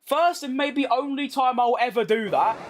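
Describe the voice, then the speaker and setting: A man's voice: very high-pitched, moderate pace. A young British man casually commentating over his racing game, chatting bluntly with his viewers and reading their messages. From Britain. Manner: chatty, blunt, reads chat and banters back. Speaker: gaming streamer.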